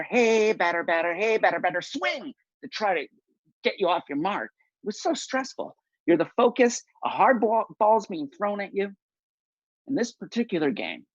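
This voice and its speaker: Gravelly man telling an animated story. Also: a little high, no room sound, highs cut off. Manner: animated, self-mocking storytelling with big swings in voice. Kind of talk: personal story at a story slam. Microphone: video call.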